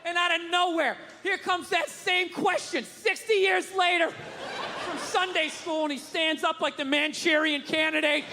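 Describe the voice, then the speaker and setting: A man's voice: very high voice, fairly even intonation, a little slow. A man doing a profane, ranting stand-up comedy routine, mocking people with put-on voices. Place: comedy stage before a live audience. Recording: reverberant venue with crowd and noise.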